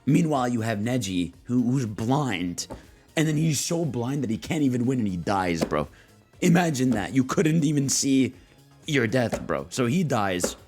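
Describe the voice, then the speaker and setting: A young man rambles through a livestream in casual, slangy chat, full of "bro" and "you know". His voice sits at an ordinary pitch. Faint music plays behind him. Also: big pitch swings, moderate pace, darkish tone. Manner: rambling, laughing, slangy, voices quoted characters. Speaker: streamer.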